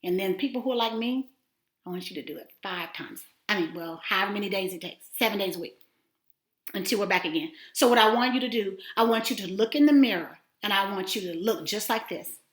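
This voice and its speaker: Woman coaching self-love, mid voice, lively and encouraging, echoey room. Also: medium pitch, fairly quick. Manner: encouraging, animated, loud swings to near-whispers. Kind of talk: casual spoken lesson. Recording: roomy echo.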